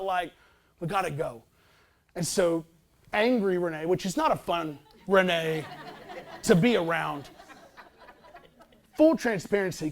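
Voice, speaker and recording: A pastor in his thirties tells a personal story during a sermon, keeping it casual, chatty and self-deprecating. His voice sits high.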